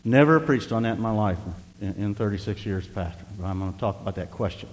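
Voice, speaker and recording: A man's voice: fairly low pitch, animated, fast, long reverb tail, slight background noise. A middle-aged male pastor preaching a sermon, emphatic and repetitive, reading scripture aloud.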